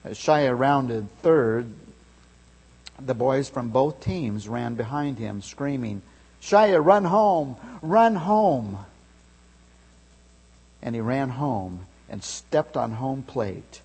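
A male preacher tells a story from the pulpit at an unhurried pace, his husky voice carrying a long reverb through a large church hall. He builds the tale up to loud calls, then settles back into quiet exhortation. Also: medium pitch. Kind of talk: sermon. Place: church sanctuary.

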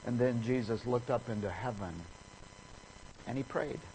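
A man preaching a sermon, telling a story in an animated way and acting out the people in it with sudden rises in pitch and volume. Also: normal speed, slight background noise, rough recording.

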